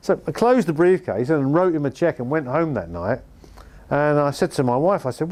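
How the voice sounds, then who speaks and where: A man's voice: fairly high pitch, sing-song, fairly quick, darkish tone. A man with an English accent, a former band manager and music promoter, telling anecdotes in a wry, dryly humorous way. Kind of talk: anecdotal storytelling interview.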